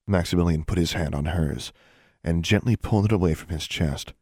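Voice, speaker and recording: A man narrating an audiobook in a steady, even reading. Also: deep voice, brisk, slightly rough, no echo, clean studio sound. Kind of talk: scripted narration.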